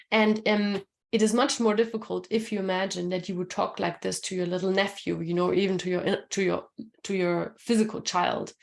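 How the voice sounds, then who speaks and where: A relationship coach hosts a live webinar in a relaxed, chatty way, full of little fillers. Her voice has a gravelly, creaky edge at mid pitch, heard through a computer mic. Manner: casual and chatty, many fillers, reads chat comments aloud.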